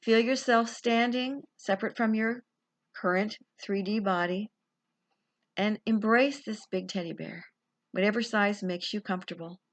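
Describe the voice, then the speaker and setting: A woman life coach speaking slowly and soothingly as she leads a guided meditation. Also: mid-range voice.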